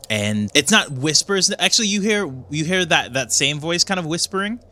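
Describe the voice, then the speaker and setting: A man narrating a tabletop game as game master, relaxed and halting, with frequent ums and uhs. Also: on the high side.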